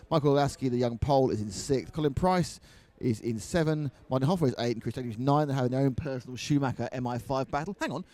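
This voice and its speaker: A man's voice: medium pitch, a little mellow. A man commentating live on a model car race, mixing race calls with jokey banter.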